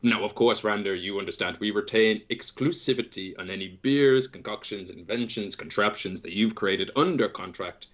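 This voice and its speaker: Guy doing a greedy money-loving brewery boss, smooth and fake-sorry, lowish voice. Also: moderate pace, few pauses, fairly bright tone, close to an everyday voice. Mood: smug.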